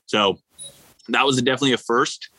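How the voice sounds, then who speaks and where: A man, an endurance athlete, telling stories in a casual interview, animated and rambling with lots of fillers. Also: mid-range voice, fairly quick, husky, no room sound, rough recording. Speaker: ultra-endurance athlete guest.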